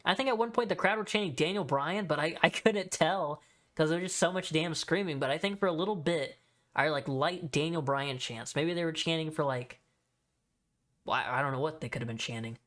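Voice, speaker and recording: A man's voice: fairly high pitch, fairly quick, fairly bright tone. Rambling, casual male podcast host. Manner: rambling, filler-heavy, swears offhandedly. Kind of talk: casual solo podcast recap.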